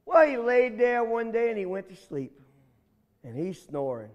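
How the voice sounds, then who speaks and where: A man's voice: very high-pitched, very animated, moderate pace, big-room sound, dull audio. A man, telling a children's story in a playful, chatty way and asking the children questions.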